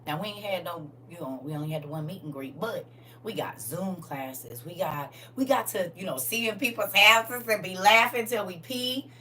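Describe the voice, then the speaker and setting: A woman hosting a casual livestream chat with her viewers, swinging from soft murmurs to loud, excited exclamations. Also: on the low side, moderate pace. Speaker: livestream host. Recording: distant mic with faint background hum.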